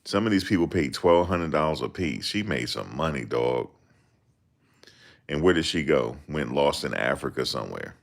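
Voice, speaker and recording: A man with a very deep voice, giving casual, joking reaction commentary on a livestream. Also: expressive, normal speed, vocal fry. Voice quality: very deep voice that people ask him to repeat. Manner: joking, laid-back, slips into mocking voices.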